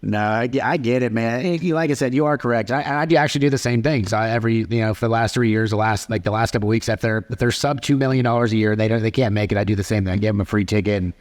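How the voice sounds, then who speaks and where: A man in his thirties hosting a podcast, telling stories in casual conversation with lots of profanity and animated asides. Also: medium pitch. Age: 30s. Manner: rapid, profane, animated storytelling. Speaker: podcast host.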